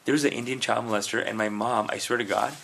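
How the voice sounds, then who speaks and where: A man rattles off rambling stories at a quick clip, his voice gravelly with fry. It is casual comedy podcast chat, full of "dude" and "man". A faint hiss sits under the recording. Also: mid-range voice, fairly even intonation, a bit bright. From Canada. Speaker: podcast co-host.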